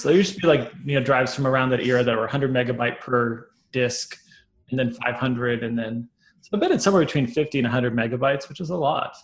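Halting man on a roomy, echoey mic. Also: medium pitch. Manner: rambling, halting, many fillers. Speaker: podcast panelist. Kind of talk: casual chat.

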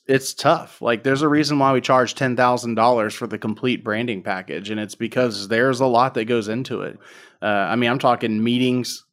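A man hosting a podcast, who also runs a branding business, explaining in a relaxed, conversational way. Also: mid-range voice. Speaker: podcast host, branding agency owner. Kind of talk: casual podcast chat.

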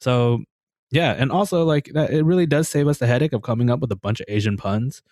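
A man co-hosting a podcast in a relaxed, casual way, with lots of "you know" and "um" and some easy swearing. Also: medium pitch, a little fast, dry recording, studio quality. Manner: relaxed, filler-heavy, leans on "you know" and "um"; laughs easily, swears casually. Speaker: podcast co-host.

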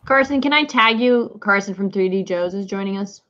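A woman's voice: medium pitch, moderate pace, sharp tone, lo-fi sound. A woman chatting playfully from her living room on a live video stream. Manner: playful, teasing. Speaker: regular guest. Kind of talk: casual live-stream chat.

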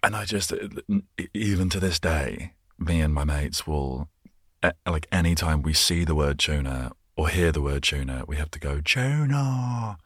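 This solo podcast host, an Englishman in his twenties, has a very deep, slightly rough voice and talks at normal speed. His casual chat rambles and muses, often amusing himself with tangents, in a clean studio recording free of room sound.

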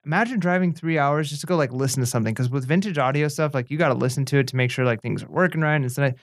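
A man co-hosting a podcast in relaxed casual chat, hesitant and halting as he talks. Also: a little high, no room sound, studio quality. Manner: relaxed, hesitant, many fillers and restarts. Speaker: podcast co-host.

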